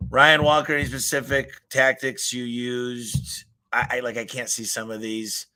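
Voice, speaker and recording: A man's voice: mid-range voice, clean tone. A man hosting a live question-and-answer stream, giving blunt, emphatic business advice and acting out little customer stories. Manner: energetic, emphatic, blunt, with acted-out customer quotes; talks fast by his own account.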